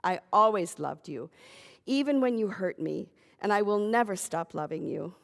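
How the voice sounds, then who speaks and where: A woman voicing an older father's tender, pleading letter, read slowly in a reverberant hall. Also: mid-range voice, expressive, creaky. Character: grieving older Jewish father, pleading, loving.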